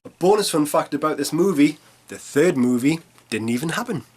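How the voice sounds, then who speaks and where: A man's voice: a little high, animated, a little fast, husky. A man in his thirties reading a scripted film review, with sarcastic, punchy jokey asides. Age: 30s.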